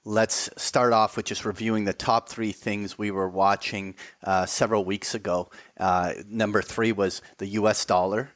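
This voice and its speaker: A man's voice: fairly low pitch, little pitch movement, moderate pace, few pauses, dry recording, clean studio sound. A man co-hosting a markets podcast, reviewing charts in a methodical way with many fillers. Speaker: podcast co-host.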